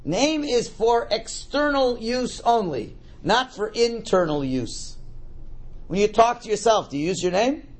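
With a high-pitched voice and a measured pace, a man teaches a class on a prayer text as a religious teacher. He's animated, asking his own questions and then answering them, and he repeats words frequently while explaining.

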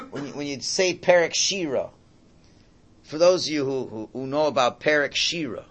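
Animated man teaching a Torah class. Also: fairly high pitch, moderate pace. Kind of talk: religious class lecture.

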